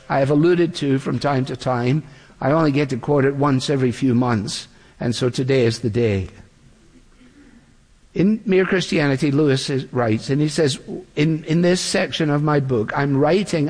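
A man preaching an earnest expository sermon. He slows down when he quotes scripture. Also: a little high, a little mellow, big-room sound.

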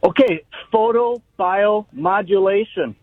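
A man's voice: high-pitched, slow pace, no echo. A man calling into a radio talk show, chatty and wry, heard over a phone line. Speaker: caller. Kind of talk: call-in radio chat.

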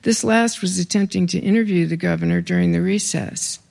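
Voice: mid-range voice, fairly quick, creaky, a little mellow. A reader giving a live reading of memoir stories, breaking into casual asides with fillers.

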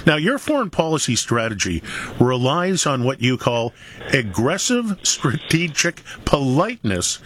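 A man's voice: on the high side, fairly bright tone, a little hiss or hum. A man hosting a talk radio show, reading out questions with frequent chuckles. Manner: reads questions, chuckles between them.

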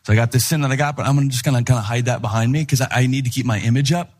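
A middle-aged man preaching a sermon in an animated, conversational way, acting out the people he quotes. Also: mid-range voice, very fast. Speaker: pastor.

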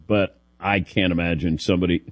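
A man's voice: low voice, fairly even intonation, brisk, no echo, studio quality. A man from the Midwest hosting a sports radio show, telling stories in a wry, self-deprecating way and chuckling between lines. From American Midwest. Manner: wry, self-deprecating storyteller who laughs often. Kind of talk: casual sports radio banter.

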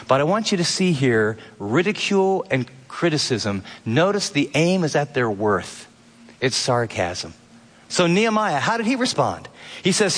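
A man's voice: mid-range voice, big pitch swings, moderate pace. Earnest preaching man in a reverberant hall. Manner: earnest, emphatic teaching with pointed questions. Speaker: pastor. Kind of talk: sermon.

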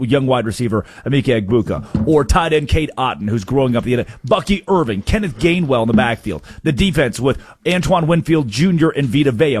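A man hosting a sports talk radio show, arguing fast with lots of stop-start restarts into a studio mic. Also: medium pitch, darkish tone, breathy edge, no room sound.

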